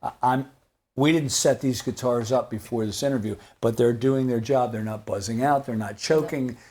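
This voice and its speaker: A man in his seventies talks through an interview in a husky, slightly breathy voice. He rambles from point to point and tells stories with animated asides and laughter, at a middle pitch for a man. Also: moderate pace. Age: 70s. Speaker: guitar maker and company founder. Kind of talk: casual interview storytelling.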